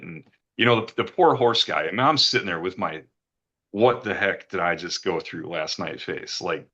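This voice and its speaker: Deep-voiced man telling an emotional story. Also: creaky, bright, forceful tone, husky, highs cut off. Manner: earnest, rambling, repeats words when moved. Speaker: retreat guest giving a testimonial.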